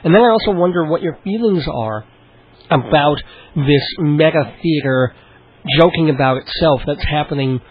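A man's voice: a little high, normal speed, breathy edge, lo-fi sound. A man hosting a radio interview, listening attentively and asking long, winding questions. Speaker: radio host.

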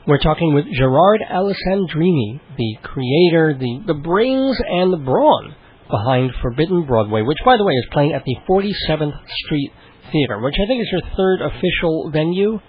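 A man's voice: fairly high pitch, big pitch swings, moderate pace, highs cut off. A man hosting a radio interview, listening attentively and asking long, winding questions. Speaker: radio host.

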